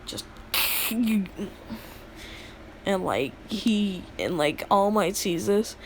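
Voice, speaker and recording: A woman's voice: medium pitch, lively intonation, extremely slow, noisy background. A young woman casually retelling a made-up story in a rambling, filler-heavy way, laughing at her own jokes.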